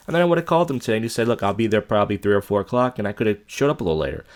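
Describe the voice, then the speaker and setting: A man's voice: mid-range voice, lively intonation, rapid-fire, few pauses. A man hosting a podcast and ranting casually and profanely. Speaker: podcast host.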